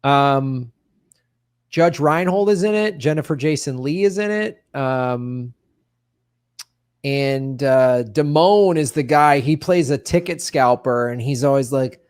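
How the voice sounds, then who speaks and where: A man's voice: medium pitch, slow, darkish tone, smooth, no echo. A man hosting a casual comedy podcast, retelling film scenes with enthusiasm and frequent laughs. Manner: enthusiastic storyteller, laughs often. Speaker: host. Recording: dry close sound.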